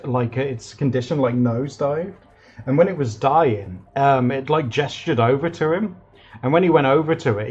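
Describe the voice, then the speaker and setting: Excitable, rambling streamer guy. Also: mid-range voice, dull audio. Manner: rambling, excitable, lots of fillers. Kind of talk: casual live-stream chat while drawing.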